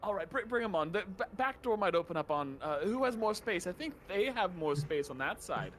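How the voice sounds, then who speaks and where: An earnest man taking part in a tabletop game. His voice sits fairly high and moves in animated swings. Soft music plays faintly behind him. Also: fairly quick, noisy background. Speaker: player. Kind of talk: casual tabletop play.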